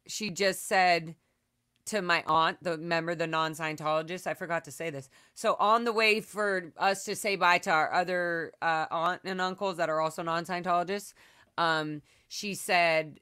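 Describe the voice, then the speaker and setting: A woman's voice: fairly low pitch, fairly even intonation, normal speed, pushed and bright, smooth. A young woman hosting a casual video chat, telling stories in an emotional, rambling way and swearing freely. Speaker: podcast host.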